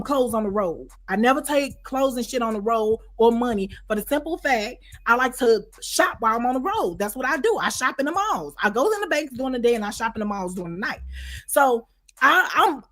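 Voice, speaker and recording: A woman's voice: high voice, a bit bright. A woman being interviewed, telling a long story in a loose, slangy way and often checking in with the listener. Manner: slangy, repeats "you know what I'm saying". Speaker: interview guest.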